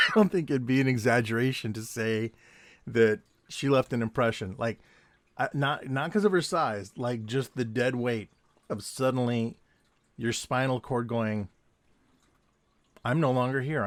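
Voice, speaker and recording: A man's voice: medium pitch, fairly bright tone, no room sound. Man rambling through stories, dry sound. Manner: rambling, digressive, chuckles often. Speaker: artist and vlogger, former security guard. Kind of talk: casual storytelling while drawing. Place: home desk at night, drawing.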